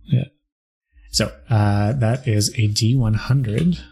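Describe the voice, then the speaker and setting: Game master, male, low-ish voice, flat easygoing narration. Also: slow pace, vocal fry, husky. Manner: relaxed, self-described monotone narration. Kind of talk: running a tabletop game over a call.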